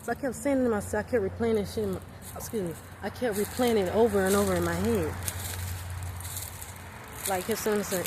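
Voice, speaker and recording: A woman's voice: mid-range voice, fairly quick, long pauses. Woman ranting to her followers, lots of y'all, background hiss. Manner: repetitive, animated, addresses viewers as y'all. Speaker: vlogger. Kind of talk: casual storytime vlog.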